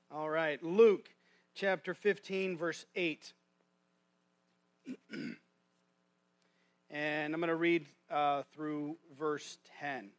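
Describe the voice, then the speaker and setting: Folksy man preaching in a church. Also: a little high. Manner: folksy, conversational, many restarts. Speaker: guest preacher. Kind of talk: sermon. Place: church sanctuary.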